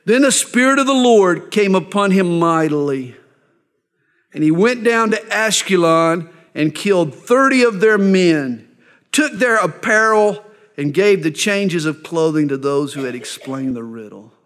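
A man's voice: sits high, lively intonation, measured pace, a bit bright. A middle-aged male pastor teaching a sermon verse by verse, reading scripture and breaking into folksy, joking asides. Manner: jokey, folksy asides between read verses.

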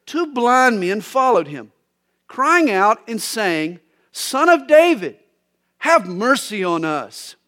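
Pastor, male, high-pitched, folksy joke-telling radio preacher. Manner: folksy storytelling, animated preaching. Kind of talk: radio sermon with jokes.

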